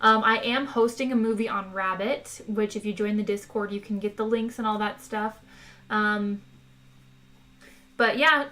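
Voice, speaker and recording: A woman reading a novel aloud on a live stream, then chatting casually with viewers. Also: a little high. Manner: relaxed, chatty, with fillers. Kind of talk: read-aloud narration and casual chat.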